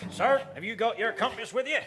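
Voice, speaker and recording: A man's voice: very high voice, brisk, a bit bright. A man playing a fussy, pedantic sailor in a ship's crew, in improvised stage comedy.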